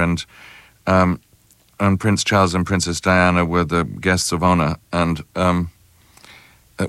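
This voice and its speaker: A man's voice: deep voice, no echo. A middle-aged English man with a British accent, an actor interviewed on radio, telling stories with frequent ums and hesitations. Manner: anecdotal, hesitant with many ums, animated storytelling.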